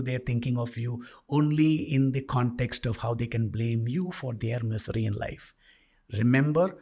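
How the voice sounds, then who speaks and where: A male life coach and podcast host telling a story in a monologue, animatedly acting out both sides of a dialogue. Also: mid-range voice.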